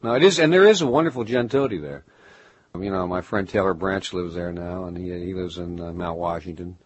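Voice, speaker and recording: A middle-aged man from Baltimore, a writer being interviewed, musing in a halting way with many restarts. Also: deep voice, husky, no room sound, poor audio. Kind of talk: reflective conversational interview.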